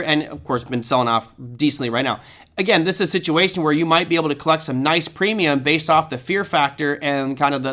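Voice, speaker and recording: Bright-voiced, chatty male trading host. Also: fairly high pitch. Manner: casual and chatty, talks to viewers as "bro". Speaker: host of a live trading show. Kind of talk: live market commentary.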